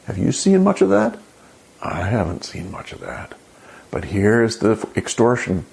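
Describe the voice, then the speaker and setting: A man's voice: fairly low pitch, wildly swooping pitch, measured pace, creaky, darkish tone. A man hosting an opinion commentary, indignant and sarcastic, often exclaiming. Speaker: channel host.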